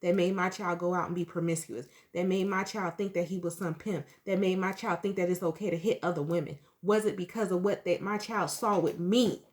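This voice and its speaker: A woman's voice: on the low side, fairly even intonation, a little fast, few pauses. A woman in her thirties, a tarot reader talking straight to her viewers in a blunt, emphatic, profane way. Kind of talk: candid storytelling to viewers.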